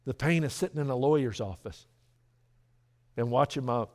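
A middle-aged man preaching a sermon as pastor, earnest and lively, with frequent restarts. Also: mid-range voice, normal speed.

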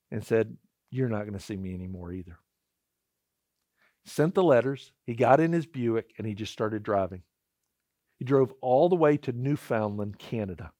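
A man preaching a sermon, his mid-pitched voice moving from soft, hushed passages to loud, emphatic outbursts as he tells a story. The sound is dry and close, with no room echo. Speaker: pastor.

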